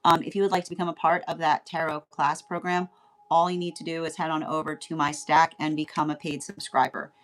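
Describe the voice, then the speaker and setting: A woman tarot reader talking through a casual reading in a fairly low voice. She rambles, circles back on her words and keeps checking in with "right?" while laughing now and then. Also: level tone, a little fast, a little hiss or hum.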